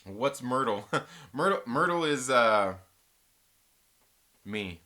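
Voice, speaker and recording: Bright-voiced laid-back man. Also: medium pitch, lively intonation, takes it slowly. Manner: laid-back, rambling, reads chat aloud and laughs often. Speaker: channel host. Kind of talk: casual live-stream chat.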